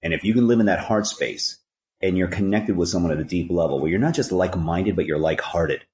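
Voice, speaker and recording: A man's voice: low-pitched, quick pace, darkish tone, reverberant. A man speaking as a podcast guest, telling stories and giving earnest, preachy life advice with rhyming catchphrases. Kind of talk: conversational storytelling and life advice.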